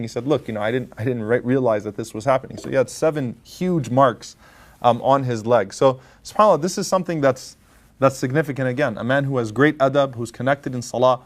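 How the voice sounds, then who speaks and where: Lively male lecturer telling stories. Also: mid-range voice. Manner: casual and lively, acts out quoted lines, mixes in Arabic phrases. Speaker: imam giving a lecture. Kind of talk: storytelling lecture.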